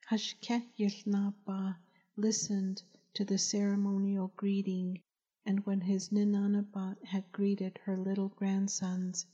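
A woman, the author, reading her novel aloud in a slow, gentle storytelling manner. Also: medium pitch, completely flat delivery. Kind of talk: audiobook narration. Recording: dull lo-fi recording.

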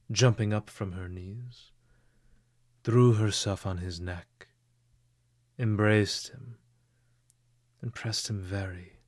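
Male audiobook narrator, measured expressive reading, very slow, dry close sound. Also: on the low side, vocal fry, no room sound.

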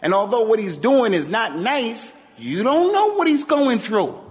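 Male preacher, high voice, emphatic and repetitive delivery; muffled recording with long hall echo. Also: very animated, unhurried. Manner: emphatic, repeats points, mixes in Arabic phrases. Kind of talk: sermon.

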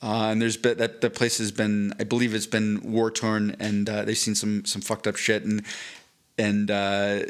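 A man's voice: on the low side, completely flat delivery, moderate pace. A man co-hosting a podcast, talking in a rambling, casual way, restarting his sentences often and swearing freely. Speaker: podcast co-host. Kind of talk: casual chat.

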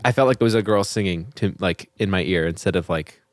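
A man's voice: low-pitched, quick pace, dry recording. A young man co-hosting a radio music show, talking casually and a bit hesitantly. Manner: hesitant, self-deprecating.

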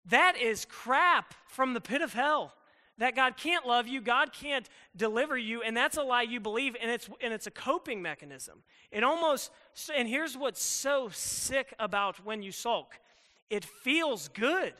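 Young male youth pastor, high and piercing voice, emphatic casual preaching in a reverberant hall. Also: animated, a little slow, pushed and bright. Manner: emphatic and conversational, acts out inner thoughts. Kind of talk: sermon.

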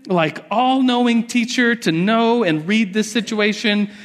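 Young male pastor, high voice, animated storyteller with many restarts; long hall reverb. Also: measured pace. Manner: animated, acts out childhood voices, restarts often. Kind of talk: sermon with storytelling.

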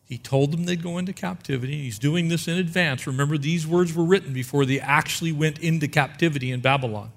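A man preaching, with a voice a little higher than most men's. He works through scripture verse by verse, fires off rhetorical questions and slows right down to lean on the key words. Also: creaky. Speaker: pastor. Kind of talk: sermon.

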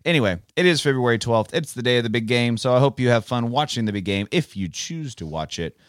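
A man's voice: mid-range voice, lively intonation, fast talker, no room sound, studio quality. A man hosting a casual Bible podcast for children, talking in a playful, teacherly way. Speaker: podcast host.

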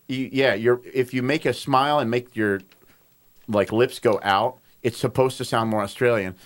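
A man's voice: mid-range voice, fairly even intonation, normal speed. A man in casual comedy chat, explaining at length and making fun of himself. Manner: self-deprecating, explains at length.

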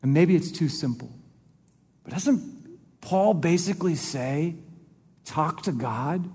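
High-voiced pastor preaching in a reverberant hall. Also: male voice, takes it slowly, dark tone, husky. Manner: earnest and conversational, repeating phrases for emphasis. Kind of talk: sermon. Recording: long reverb of a large hall.

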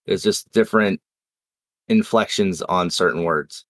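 A man's voice: sits low, measured pace, fairly bright tone, no echo. A man talking casually as a player, playful and self-deprecating. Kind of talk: casual podcast chat.

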